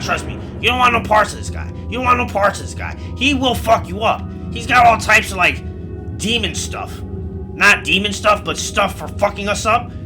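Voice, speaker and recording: A man voicing a crude male demon trapped in a jar who talks loudly and swears a lot. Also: high voice, pitched above the performer's own voice. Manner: loud, swearing, urgent warnings.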